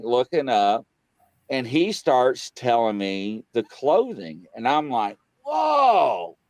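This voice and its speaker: Male guest, casual storyteller, average pitch, dry close mic, acts out the dialogue. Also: no echo. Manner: animated, acts out quoted dialogue, voice jumps high when excited. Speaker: guest on a paranormal talk show.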